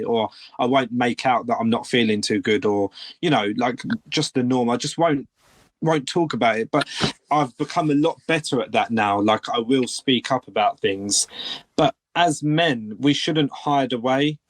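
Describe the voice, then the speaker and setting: An earnest man co-hosting a casual podcast, speaking openly about his feelings. His voice sits at an ordinary pitch and the recording is dry and close, with no room sound. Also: no echo. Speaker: podcast co-host. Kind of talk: casual chat. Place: home room.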